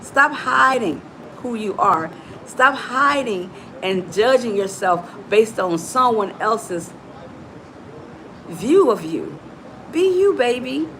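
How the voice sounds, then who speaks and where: A woman's voice: a little high, sing-song, slow pace, fairly bright tone, slight background noise, low-quality recording. A middle-aged woman hosting a live motivational talk, emphatic and preachy, calling her listeners "baby". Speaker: motivational coach and host.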